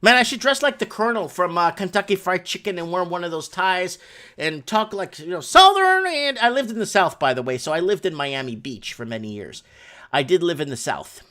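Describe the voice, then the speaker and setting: A man's voice: sits high, expressive, brisk, fairly bright tone. A man hosts a housing market talk show. He reads news items aloud, adds rambling commentary, and works out sums as he goes.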